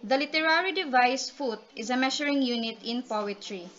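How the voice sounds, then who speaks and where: A woman's voice: sits high, moderate pace, a bit bright. A woman giving a class report on poetry and calling on classmates by name. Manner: explanatory, calls on classmates by name. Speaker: student reporter. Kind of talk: class presentation. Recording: dull lo-fi recording.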